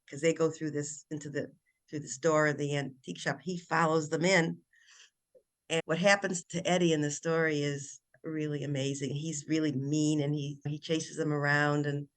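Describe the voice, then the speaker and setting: Older woman animatedly retelling her book. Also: deep voice. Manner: animated storytelling, many restarts. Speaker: children's author and guest. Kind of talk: casual interview chat.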